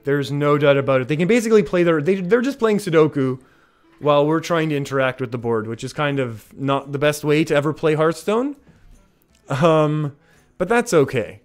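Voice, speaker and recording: A man streaming a card game, chatting casually with his viewers and reacting with excitement to each play. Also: on the high side, normal speed. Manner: chatty, reads chat aloud, excitable. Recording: faint music behind.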